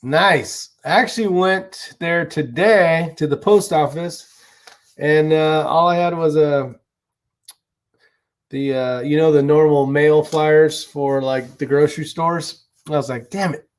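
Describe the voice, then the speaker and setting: Guy with a slightly high voice rambling through viewer comments on his stream, swears now and then. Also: takes it slowly. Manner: chatty, rambling, swears casually. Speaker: livestream host. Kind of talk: casual live chat reading viewer comments.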